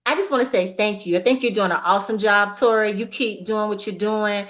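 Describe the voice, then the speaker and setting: A woman's voice: mid-range voice, fairly even intonation, a little fast, fairly bright tone. A woman guest on a live online show, chatting casually and praising the host with emphatic encouragement. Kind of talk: casual live-stream chat. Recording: slightly dull lo-fi audio.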